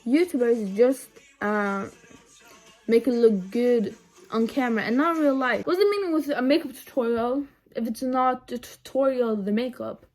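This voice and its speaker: A young woman vlogging a casual makeup tutorial at home, rambling and chatty with lots of ums and side remarks, recorded on a phone camera set low. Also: normal speed, darkish tone.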